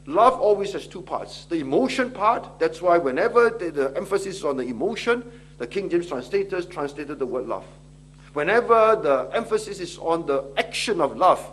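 A man's voice: medium pitch, slight background noise. A middle-aged man preaching a sermon, pressing his listeners with pleading questions. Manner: impassioned, rising to pleading questions.

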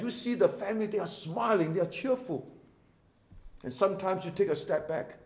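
Singaporean male pastor, high-pitched, fervent sermon delivery that drops soft then surges loud, roomy church echo. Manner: impassioned, swinging from hushed to loud. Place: church sanctuary.

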